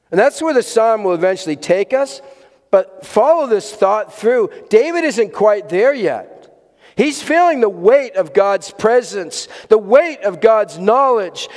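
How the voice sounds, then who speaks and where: A man preaching a sermon to a congregation in a church, earnest and emphatic, repeating key words for weight. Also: sits high. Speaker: pastor. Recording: long hall reverb.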